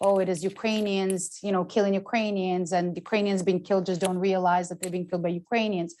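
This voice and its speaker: A woman moderating an online panel over a video call, speaking in a measured, polite way with frequent ums. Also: medium pitch, flat delivery, warm tone.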